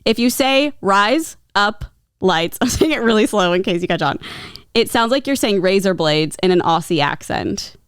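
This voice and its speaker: A woman's voice: mid-range voice, animated, normal speed, smooth, no echo, clean studio sound. A woman co-hosting a podcast, chatting casually with lots of laughter and filler words. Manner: chatty, giggly, lots of likes. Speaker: podcast co-host. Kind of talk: casual chat.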